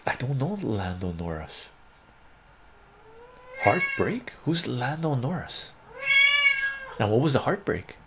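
A man with a medium-pitched, sing-song voice hosts a live stream from a room at home where a cat is meowing. Speaking a little slowly over heavy background noise, he chats casually, reads out viewer comments, laughs often, and thinks aloud.

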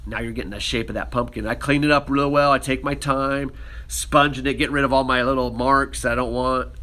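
A man's voice: medium pitch, a little fast. A man teaching a ceramics class, talking casually while he demonstrates with his hands. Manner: relaxed, talks while working with hands.

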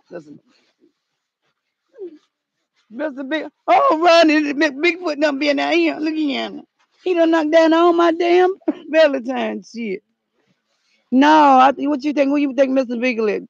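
A high-pitched woman with a drawl, her voice gravelly and rough at the edges. She frets and exclaims her way through a comedic outdoor vlog. The audio is muffled and lo-fi. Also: no echo. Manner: excitable, frets aloud, calls out a dog's name. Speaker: channel host. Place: outdoors in the cold.

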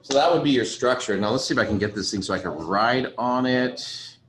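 A man's voice: medium pitch, expressive, fairly quick, fairly bright tone, slight background noise. A man teaching a chemistry lesson in a casual, chatty way, thinking aloud and apologizing as he writes. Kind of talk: casual recorded lecture.

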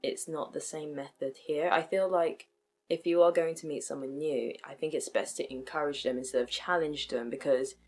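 A woman's voice: sits low, steady tone, moderate pace, a little mellow, faint music behind. A woman, talking frankly to camera in a chatty, self-mocking way. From United Kingdom. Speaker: vlogger. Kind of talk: casual commentary to camera.

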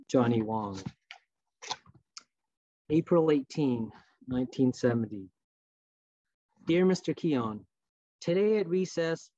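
A man reading aloud from his novel in a measured, earnest storytelling voice over a video call. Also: fairly high pitch, a little mellow, no room sound, lo-fi sound. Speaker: author.

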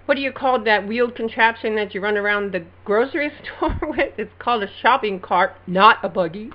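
A woman's voice: medium pitch, a little fast, dull audio. A woman from Alabama with an Alabama Southern accent, reading words aloud in a casual vlog and laughing between them. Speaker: vlogger. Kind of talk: casual word-list vlog.

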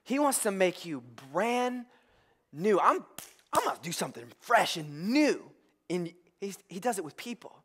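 Young male pastor, high voice, animated comic delivery. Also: normal speed, husky. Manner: animated comic storytelling with congregation call-outs. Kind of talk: humorous sermon. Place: church service with live congregation.

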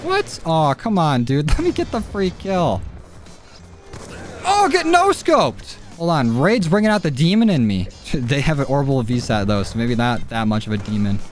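A man giving gameplay commentary, excitable and self-mocking, laughing at his own misses. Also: mid-range voice, a little fast, hardly any pauses. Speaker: gaming YouTuber. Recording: game music and gunfire behind.

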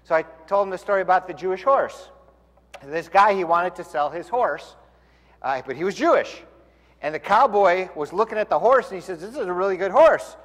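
A man leading a synagogue service, telling a joke to the congregation with lively, loud punchlines. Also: high-pitched, a little fast, long reverb tail. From Tucson, Arizona. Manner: lively storyteller, shouts punchlines. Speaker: service leader.

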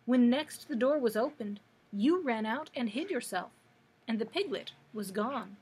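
Regal young storybook princess, firm and gentle, read by a woman. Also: on the high side, expressive, unhurried, husky, full character voice, rough recording. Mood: stern. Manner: gentle but stern.

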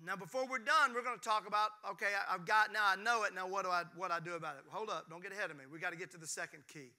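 A man's voice: sits high, very fast. A man, preaching a sermon with jokes and calls to the congregation. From Mississippi, US. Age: 50s. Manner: preaching with call-and-response to the congregation; animated, jokes and playful asides. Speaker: pastor.

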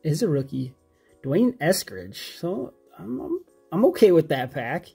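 A man's voice: a little high, sing-song, measured pace, vocal fry, warm tone, breathy edge, faint music behind. A man hosting a card-collecting channel, chatting casually and naming cards as he flips them. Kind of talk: casual pack-opening chat.

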